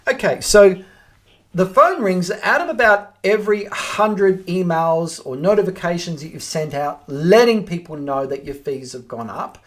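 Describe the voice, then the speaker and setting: A man's voice: high-pitched, animated, measured pace. A man giving a direct training talk to real estate agents, acting out sample phone scripts as he goes. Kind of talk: instructional talk to camera.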